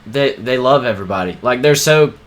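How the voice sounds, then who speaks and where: A man's voice: medium pitch, animated, fairly quick. A young man co-hosting a podcast in casual chat, laid-back and easily amused. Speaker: podcast co-host.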